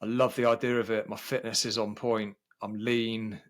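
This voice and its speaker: Chatty podcast host. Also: male voice, on the low side, flat delivery, moderate pace. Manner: chatty and relatable, shares his own experience. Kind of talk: casual conversation.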